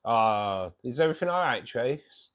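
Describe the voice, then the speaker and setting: A man with a mid-range voice and measured pace hosts a fishkeeping club live stream from home beside his tanks. Greeting viewers, he rambles and banters in a chatty, joking style thick with fillers.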